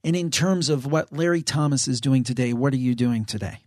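A man hosting an interview podcast, chatting casually and answering with quick agreement. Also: medium pitch, a little mellow, no echo, clean studio sound. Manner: conversational, quick agreeing replies. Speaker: podcast host.

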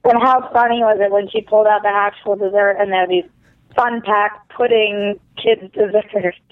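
Female podcast co-host, bright higher voice, casual and animated, phone-line sound, dry. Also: moderate pace, no echo. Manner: animated, self-deprecating. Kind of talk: casual TV recap chat.

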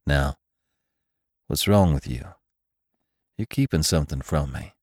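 A man's voice: a bass voice, a little slow, breathy edge, dry recording, clean studio sound, voice pushed down, exaggerated voice. A man voicing a stern young frontiersman who questions firmly and probingly.

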